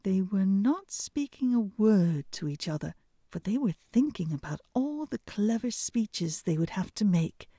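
A woman reading a fairy tale aloud in an expressive storytelling manner. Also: medium pitch, breathy edge, no room sound, studio quality. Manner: expressive, unhurried.

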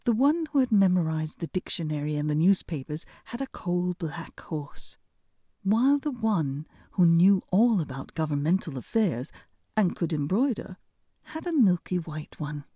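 A woman reading a fairy tale aloud in an expressive storytelling manner. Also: fairly low pitch, husky, no echo, studio quality. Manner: expressive, unhurried.

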